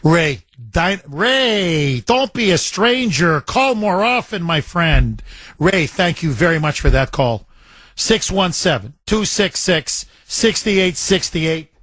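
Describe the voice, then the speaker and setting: Chatty talk radio host, dry studio sound. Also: male voice, high-pitched, big pitch swings, takes it slowly, fairly bright tone, no echo. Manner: chatty, repeats phrases for emphasis. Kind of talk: talk radio call-in show.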